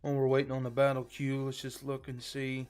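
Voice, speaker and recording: A man's voice: mid-range voice, monotone, a little fast, a little mellow, clean tone. A man streaming a game live, chatting casually to viewers in a rambling, filler-heavy way. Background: faint background music.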